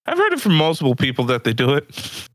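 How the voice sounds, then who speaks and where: A man's voice: a little high, huge pitch swings, fast, no room sound. A man co-hosting a casual podcast, telling crude stories and laughing often. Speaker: podcast co-host. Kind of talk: casual chat.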